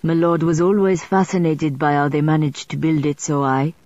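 A woman's voice: deep voice, flat delivery, moderate pace, darkish tone, dry recording, lightly acted. A woman doing a sour manservant. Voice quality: sour, clipped. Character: sour, curt French manservant, male. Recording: slightly muffled recording.

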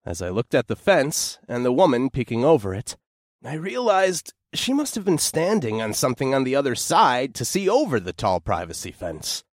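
A young man narrating a first-person horror story in an expressive, tense storytelling manner. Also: medium pitch, moderate pace, no room sound, studio quality.

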